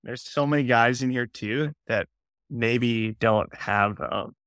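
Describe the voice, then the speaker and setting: A man's voice: medium pitch, takes it slowly, fairly bright tone, no echo, clean studio sound. A man co-hosting a casual podcast conversation, earnest and thoughtful.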